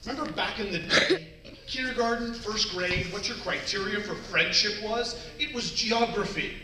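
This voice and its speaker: A man in his forties from Canada, working as a motivational speaker, gives students a playful, joke-filled talk from the stage of a large hall, acting out little scenes. His high voice moves at a normal speed amid crowd noise, picked up by a distant mic in the echoey hall.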